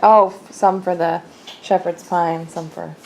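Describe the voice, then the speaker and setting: A woman's voice: lowish voice, steady tone, a little slow, creaky, slight background noise, poor audio. A young woman chatting casually through her daily vlog in her home kitchen, rambling and laughing often. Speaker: vlogger.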